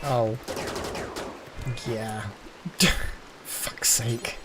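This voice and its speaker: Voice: mid-range voice, steady tone, extremely slow, heavy background noise. A streamer giving live gameplay commentary, thinking aloud, muttering and swearing at the game.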